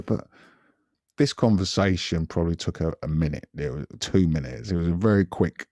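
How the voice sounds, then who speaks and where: A man, telling a story on a podcast in a casual, animated way, repeating himself and adding asides. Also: sits low, moderate pace, no room sound. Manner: animated, repetitive retelling with frequent asides. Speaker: podcast guest recalling past events.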